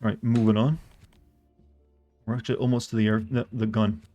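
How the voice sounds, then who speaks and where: A man's voice: lowish voice, little pitch movement, fairly quick, dark tone, lo-fi sound, faint music behind. A man streaming a game, chatting casually with his viewers and answering their questions, often restarting his sentences. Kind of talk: casual gameplay commentary.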